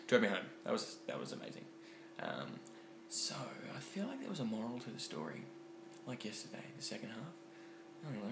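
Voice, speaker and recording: Excitable rambling young man. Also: mid-range voice. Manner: rambling, excitable, with many ums and likes. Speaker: vlogger. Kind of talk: casual rambling vlog. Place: home kitchen. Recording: echoey room with faint background noise.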